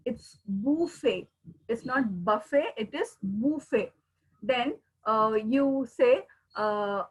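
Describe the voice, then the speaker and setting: A woman's voice: a little high, husky, low-quality recording. A woman, a teacher giving a recorded pronunciation lesson and repeating words to drill the sounds. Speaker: English teacher.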